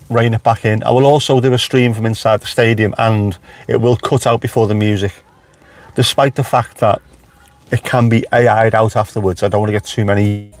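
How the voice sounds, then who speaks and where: A man's voice: fairly low pitch, a little mellow. A man with a Liverpool accent, chatting casually on a live stream from inside his car with wry asides to viewers. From Merseyside, England. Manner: chatty, wry, talks back to live chat.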